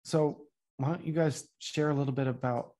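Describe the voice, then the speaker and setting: An interviewer who gently encourages guests to share, with easy laughter. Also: mid-range voice, fairly even intonation, moderate pace. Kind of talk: casual interview.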